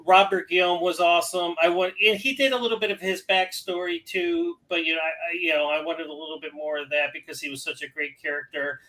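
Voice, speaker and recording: A man co-hosting a casual movie podcast talks in a bright, slightly high voice. He rambles with restarts and laughs often as he reviews a film. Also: fairly even intonation, brisk, hardly any pauses, rough recording. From New Hampshire. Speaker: podcast co-host.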